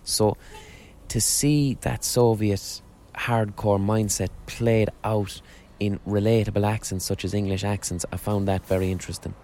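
A man's voice: lowish voice, fairly even intonation, measured pace, mellow, slight background noise. A man hosting a podcast outdoors on a street corner, talking in a rambling, sweary monologue with frequent restarts. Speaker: podcast host. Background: faint street ambience.

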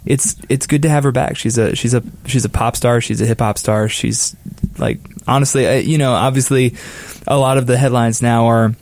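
A man's voice: mid-range voice, steady tone, a little mellow, no echo. Man chatting loosely, lots of fillers. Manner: halting, many fillers and restarts. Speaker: music podcast panelist. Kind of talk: casual chat.

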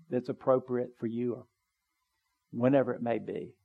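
Earnest preacher, swelling then hushed. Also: male voice, medium pitch, little pitch movement, moderate pace, gravelly, pauses often, narrow, tinny audio. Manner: earnest, rising to emphatic pleading, then dropping soft; conversational with small asides. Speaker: pastor. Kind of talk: sermon. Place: church sanctuary, also live streamed.

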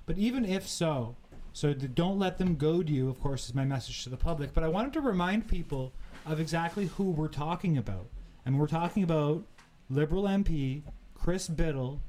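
A male talk show host with a slightly higher voice, speaking in a halting, opinionated way. He restarts his sentences and fills pauses with "um" and "uh" as he makes his points. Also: a little mellow. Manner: opinionated, halting, frequent fillers. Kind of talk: political talk show commentary.

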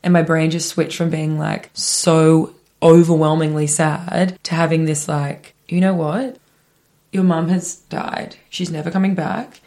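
Low-pitched woman on a podcast, chatty and sweary, just telling it straight. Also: level tone, measured pace, darkish tone. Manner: candid, sweary, chatty storytelling. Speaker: podcast co-host. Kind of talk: casual chat.

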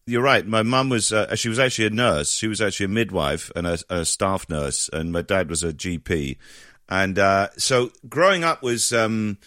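A man's voice: fairly low pitch, lively intonation, normal speed, fairly bright tone, no room sound, studio quality. A man, a guest in a casual interview, telling stories animatedly with frequent laughs and restarted phrases.

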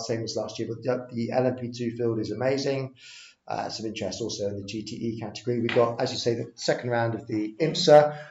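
A middle-aged man chats casually as he hosts, changing topics quickly and keeping the others in line. His voice sits in the middle range. The recording is roomy and slightly muffled. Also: mid-range voice, darkish tone. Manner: chatty, runs the show, jumps between topics. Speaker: podcast host. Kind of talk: casual chat.

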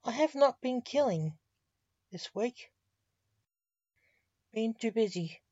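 A woman voicing a male necromancer who works as a reporter, read at a slow storybook pace. Her voice barely changes for him. The recording is dry and slightly muffled. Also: on the high side, expressive, mellow, dry recording.

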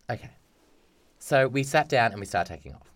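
A young man on a podcast, telling a travel story in an exasperated, profane rant and acting out the people in it. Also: mid-range voice. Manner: profane, exasperated, acts out quotes. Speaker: podcast co-host. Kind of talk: casual ranting storytelling.

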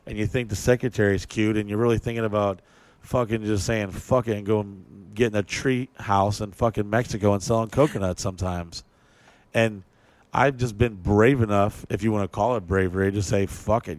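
A man's voice: on the low side, a little mellow, dry recording. A man hosting a podcast, talking in a loose, rambling way, swearing a lot and hammering his points home. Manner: profane, rambling, emphatic. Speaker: podcast host. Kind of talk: casual chat.

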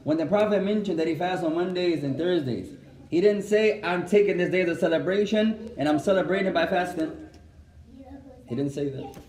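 Animated man teaching in an echoey room. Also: high-pitched, brisk. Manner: animated, switches between Arabic and English, asks the class questions. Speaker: Islamic teacher. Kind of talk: classroom religious lesson.

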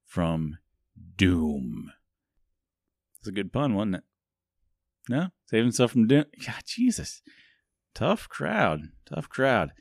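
On a podcast, a male co-host with a mid-range voice rambles through a movie recap, laughing a lot, poking fun at himself, and leaning on "like" as a filler. The recording is clean studio sound with no room noise.

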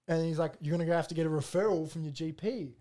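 A young man holds forth in loose podcast banter. He rants and swears as he retells his phone calls, his voice sitting a little high. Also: fairly quick, dark tone. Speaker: podcast co-host. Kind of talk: casual chat.

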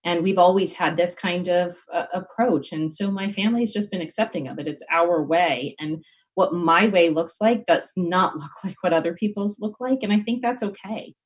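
A woman's voice: lowish voice, moderate pace, muffled recording. A middle-aged woman giving a candid, reflective interview answer, full of fillers and restarts. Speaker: guest executive.

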